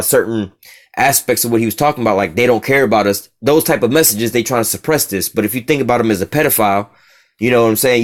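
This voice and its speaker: A man giving a street-style religious lecture, reading a passage aloud and commenting on it bluntly, with profanity and frequent asides to his listeners. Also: on the low side. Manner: blunt, profane and heated, with frequent "you see what I'm saying" asides; repeats and restarts words while driving his point. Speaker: religious teacher.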